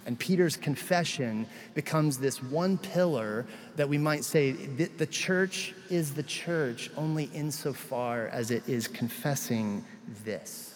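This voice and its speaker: A man's voice: mid-range voice, slow pace, hardly any pauses, a little hiss or hum. Man preaching in a reverberant hall. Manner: conversational retelling of scripture with casual asides. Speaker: pastor. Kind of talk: sermon.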